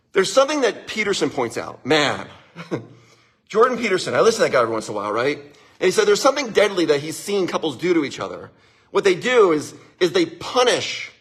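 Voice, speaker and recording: A man with a slightly high, husky voice gives casual advice to a live audience. His delivery swings widely in pitch and is broken by frequent chuckles. He keeps checking in with his listeners. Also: a bit bright. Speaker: livestream host giving marriage advice.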